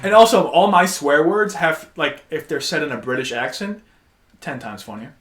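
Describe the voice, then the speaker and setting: A young man co-hosting a podcast, joking crudely and trying out loud silly voices. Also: fairly high pitch, lively intonation, normal speed. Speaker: podcast co-host. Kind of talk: casual chat.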